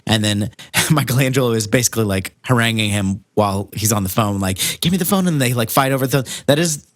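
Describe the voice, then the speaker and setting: A man's voice: lowish voice, fairly quick, dry recording, clean studio sound. A man co-hosting a podcast in casual chat, conversational and full of "like" hedges. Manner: conversational, hedging with many "like"s. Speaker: podcast co-host.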